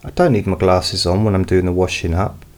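A man who hosts hypnosis recordings, chatting in a slow, meandering way with many fillers. He is speaking at home into a studio microphone behind a pop filter. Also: low voice, fairly even intonation, darkish tone. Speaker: hypnotist host. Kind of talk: casual personal update. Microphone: studio mic with pop filter, not close.

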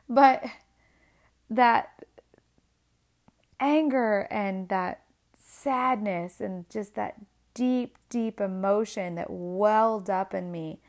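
A single mother in her twenties tells a personal story to camera, candid and full of emotion. She often restarts her sentences, and when she gets upset her voice climbs higher and louder.

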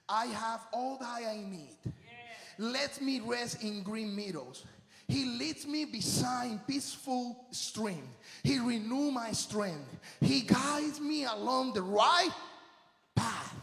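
High-voiced man preaching in an echoey hall. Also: animated, slow, vocal fry. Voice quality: non-native English phrasing. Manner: swings from hushed testimony to shouted preaching. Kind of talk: sermon.

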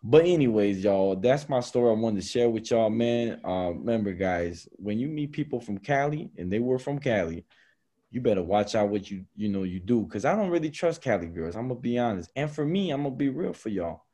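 A young man hosting a podcast, telling a story in a casual, slangy, animated way, peppering his talk with bro and man. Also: mid-range voice, a little fast. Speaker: podcast host.

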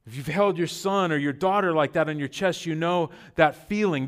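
A man preaching a sermon, telling personal stories conversationally, shifting between loud bursts and quiet, intimate moments. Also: fairly high pitch, moderate pace, smooth. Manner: conversational with fillers like "like" and "you know". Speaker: pastor.

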